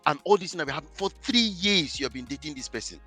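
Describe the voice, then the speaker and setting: A man speaking as a marriage coach in a podcast interview, with a bright, forceful voice that hammers home his points by repeating phrases. He tells his client stories in an emphatic, instructive way. Faint music plays behind him. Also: on the high side, expressive, fast, slightly rough.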